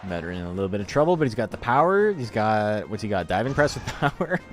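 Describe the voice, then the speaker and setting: A man's voice: lowish voice, very animated, fast, a little hiss or hum. A man, chatting loosely and swearing casually while commentating a game tournament on a stream. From Canada. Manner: loose and profane, laughing often.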